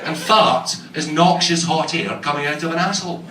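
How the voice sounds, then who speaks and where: A man's voice: fairly high pitch, normal speed, over music. A middle-aged Scottish man doing a stand-up set, with a crude, punchy delivery and a habit of teasing the crowd. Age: 40s. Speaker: stand-up comedian. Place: comedy club stage in a bar. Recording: echoey room from far off, crowd. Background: audience laughter.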